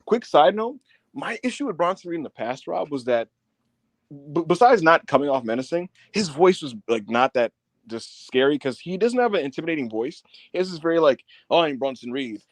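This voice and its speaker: A man with a somewhat high voice runs a casual wrestling review podcast, recapping scenes with animated, acted-out quotes. His voice sounds close and dry, with almost no room sound. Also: a little fast, dry recording. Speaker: podcast co-host.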